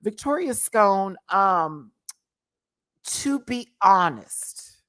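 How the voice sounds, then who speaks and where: A man's voice: sits high, expressive, drawn-out words, sharp tone. A man casually reviewing a drag show on a livestream, sassy and slangy, laughing often and playfully exaggerating.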